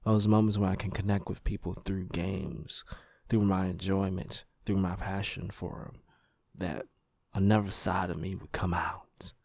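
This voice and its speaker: A man hosting his own podcast, slowly and reflectively recalling a memory in a rambling, casual way. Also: low voice, a little mellow, no echo, studio quality. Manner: slow, reflective, rambling with pauses. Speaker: podcast host. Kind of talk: casual personal storytelling monologue.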